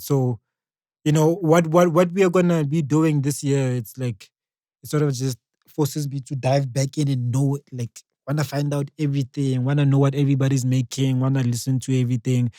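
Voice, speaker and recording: A man's voice: medium pitch, warm tone, dry recording, studio quality. A man co-hosting a podcast in casual chat, talking loosely and leaning on "like" as filler. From South Africa. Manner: loose, filler-heavy, says "like" a lot. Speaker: podcast co-host.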